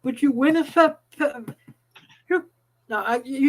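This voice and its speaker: Woman co-host, high-pitched, rambling casual chat, foul-mouthed. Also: steady tone, a little fast, rough recording. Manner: chatty, stumbling restarts, swears casually. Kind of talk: casual live chat show.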